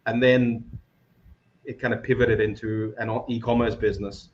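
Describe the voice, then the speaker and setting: A man in his forties, from Moldova, with an Australian accent, talking as a podcast guest in a relaxed, hesitant way with many fillers. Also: mid-range voice, moderate pace, a little hiss or hum. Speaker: podcast guest, business founder. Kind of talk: casual interview chat. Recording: dull lo-fi audio.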